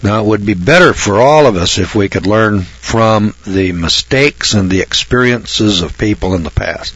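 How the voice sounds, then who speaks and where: A man's voice: on the low side, lively intonation, moderate pace, few pauses, a bit bright, husky, dry recording. A man preaching a folksy Bible sermon, blunt and colloquial. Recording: dull lo-fi recording.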